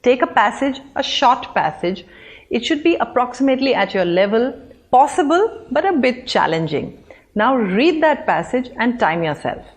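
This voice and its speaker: A woman teaching English in an online lesson, with clear, deliberate delivery. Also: on the high side, sing-song.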